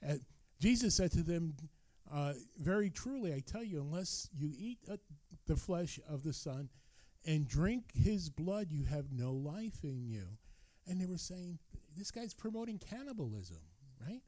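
A man's voice: a little slow, no room sound. A man preaching a sermon, reading scripture aloud and breaking in with his own asides. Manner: expressive Bible reading with asides, animated rises and drops in pitch.

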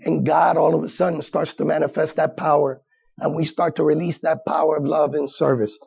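A man's voice: a little high, flat delivery, brisk, gravelly, darkish tone, breathy edge, highs cut off. A middle-aged man preaching a sermon as pastor, in a conversational style with acted asides.

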